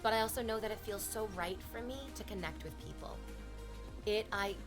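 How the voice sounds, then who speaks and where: A young woman streamer chatting openly with her viewers, swearing freely and laughing loudly. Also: mid-range voice, fairly quick, music in the background. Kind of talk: casual chat with stream chat.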